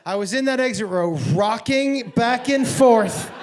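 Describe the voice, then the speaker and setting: A man doing stand-up storytelling on stage, animated and profane, acting out dialogue and bursting into shouts. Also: very high voice, a little slow. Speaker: stand-up comedian. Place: comedy stage before a live audience.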